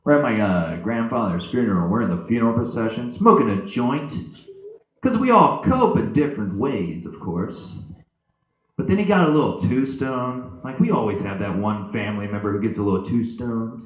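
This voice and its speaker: Animated young man doing stand-up. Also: moderate pace. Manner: animated, jumps into loud high voices for characters. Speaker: stand-up comedian. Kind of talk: stand-up comedy set. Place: comedy club stage. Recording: echoey, dull low-fi live recording.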